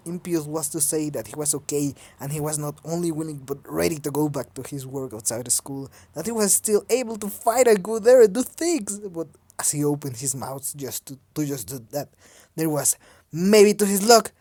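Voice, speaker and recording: A woman's voice: deep voice, darkish tone, no echo. A woman reading a fan story aloud in a casual way. She stumbles over words and breaks off to mock her own reading. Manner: stumbling, laughing, self-mocking. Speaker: fanfic reader.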